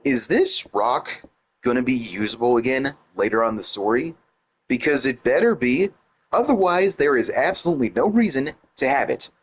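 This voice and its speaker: A man doing gameplay commentary, sarcastic and mocking the game and its heroine, reading the game's text aloud in a quieter voice. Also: mid-range voice, expressive, normal speed, slight background noise. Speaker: let's play commentator.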